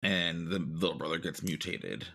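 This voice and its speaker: Guy with a low bright voice, joking around, spinning silly plot ideas. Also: normal speed, creaky. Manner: playful, jokey, building absurd plot twists. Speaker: podcast co-host. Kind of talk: casual chat.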